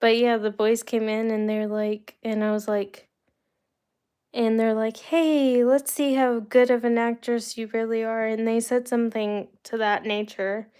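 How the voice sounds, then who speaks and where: In a smooth, warm voice pitched fairly high, a young American livestream host talks a little slowly with little rise or fall. She rambles casually through personal anecdotes for her live audience, laughing here and there.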